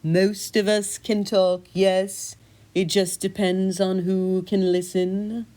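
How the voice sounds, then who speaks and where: A woman voicing a sly, scheming male talking cat who speaks in a slow, deliberate drawl. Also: mid-range voice, level tone, warm tone, natural voice.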